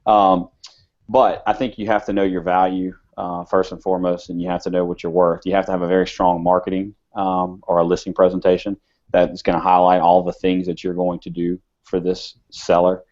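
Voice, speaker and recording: A man who is a real estate agent, answering interview questions in an easygoing, steady way with some fillers. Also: low voice, brisk, lo-fi sound.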